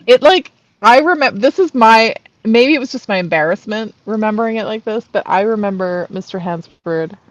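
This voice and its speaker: A woman co-hosts a casual podcast and talks with an expressive, lively lilt. She laughs easily between her lines. Her voice comes across dry and close to the mic. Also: medium pitch, moderate pace, few pauses, dry recording, rough recording. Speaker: podcast co-host. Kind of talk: casual chat.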